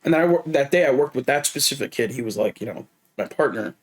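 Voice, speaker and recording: A man co-hosting a podcast, telling stories in casual chat, animated and swearing often. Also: mid-range voice, fast. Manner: animated, swears often, tells stories with lots of quoted back-and-forth. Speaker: podcast co-host.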